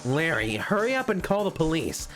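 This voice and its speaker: A man's voice: a little high, big pitch swings, normal speed, a bit bright, pitched above the performer's own voice. A man reading as an earnest, jumpy young lawyer. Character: earnest young male lawyer, easily startled. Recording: game music behind.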